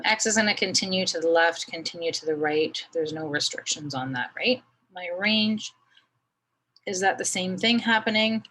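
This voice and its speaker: A woman with a sharp-toned, lowish voice talks through a math lesson on screen, drawing a graph while thinking aloud and using plenty of fillers. There is slight background noise on a rough recording.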